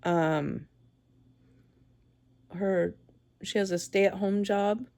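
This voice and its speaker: A woman in her forties giving a tearful, halting vlog, crying as she talks. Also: mid-range voice, fairly even intonation, darkish tone. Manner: tearful, halting, with many pauses and restarts. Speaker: vlogger. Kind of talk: emotional personal vlog.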